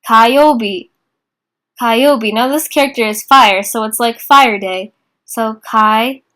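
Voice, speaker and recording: A woman's voice: fairly high pitch, sharp tone. Chatty young woman teaching beginners. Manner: chatty and informal, many "like" and "um" fillers, slows down to repeat phrases. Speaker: teacher of a beginner Japanese class. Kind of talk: casual online lesson.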